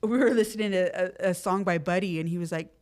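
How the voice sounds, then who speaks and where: A woman's voice: lowish voice, quick pace. A middle-aged woman, a podcast guest telling her story in casual, streetwise slang full of fillers. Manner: lively when acting out quotes.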